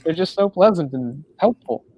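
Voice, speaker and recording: A man's voice: fairly high pitch, lively intonation, moderate pace, warm tone, poor audio. A man co-hosting a casual film discussion podcast, talking in a rambling way with many fillers. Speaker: podcast co-host.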